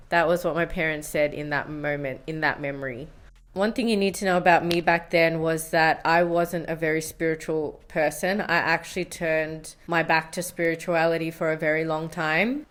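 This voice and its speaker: A woman in her thirties tells a personal story to camera in a candid, confessional way. Her voice sits a little low, and she often laughs at her younger self. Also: fairly bright tone, smooth. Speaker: science vlogger. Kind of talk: storytime vlog.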